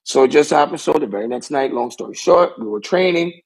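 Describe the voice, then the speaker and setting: Gravelly husky young man telling a story. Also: on the high side, expressive, brisk, rough recording. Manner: rambling, keeps restarting with a stock phrase. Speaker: pro wrestler guest. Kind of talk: casual storytelling.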